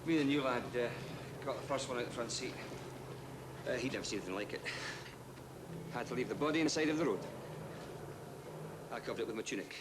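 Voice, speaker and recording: An actor playing a weary male police officer, telling of a crash in a halting, subdued way, with pauses. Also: mid-range voice, lightly acted. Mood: haunted. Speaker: police officer in a public information ad. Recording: hissy old VHS tape.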